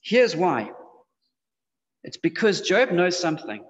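A man with a somewhat high voice preaches to teens in a loose, chatty way, dropping fillers as he goes. The sound is dull and slightly muffled, and his words ring out with a long tail of reverb from the hall. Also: big pitch swings, slow pace. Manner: casual, conversational, with frequent fillers. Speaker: youth preacher. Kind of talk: sermon to teenagers. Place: church hall.

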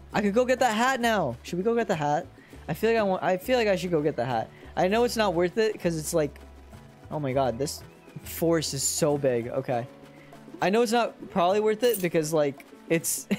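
A chatty streamer plays through a game and talks to viewers in loose, casual commentary. The voice is animated, with a wide pitch range, and often drops to a quiet mutter while searching around. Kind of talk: casual let's-play commentary.

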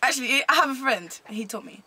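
Young woman vlogger, slightly high pitch, bright voice, playful and giggly. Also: lively intonation, fairly quick, breathy edge. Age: young adult. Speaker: vlogger host. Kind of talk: casual chat.

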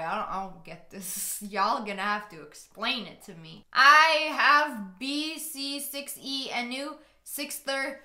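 Young woman, twenties, American, giggly, swears, very bright voice, echoey room. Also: on the high side. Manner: giggly, swearing, animated reactions. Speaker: YouTuber reading funny texts. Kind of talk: reading texts aloud with commentary. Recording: roomy echo.

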